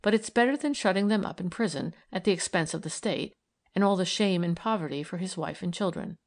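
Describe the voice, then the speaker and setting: A woman's voice: on the low side, a little fast, lightly acted. Woman voicing an earnest idealistic young woman. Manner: eager, persuasive, animated.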